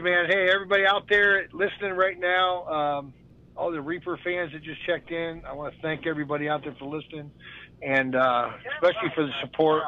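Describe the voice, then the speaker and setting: A man's voice: a little high, pushed and bright, dull audio. A man calling in to a talk show who chats in a laid-back, friendly way with frequent fillers. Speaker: call-in guest. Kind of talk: casual phone-in chat.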